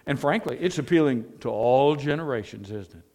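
A man's voice: mid-range voice, animated, fairly quick, a little mellow. A male pastor preaching a sermon in a conversational way, often asking the congregation rhetorical questions.

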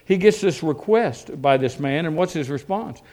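A man preaching a sermon in a folksy, animated way, with rhetorical questions and frequent restarts. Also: a little high, moderate pace. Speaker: pastor.

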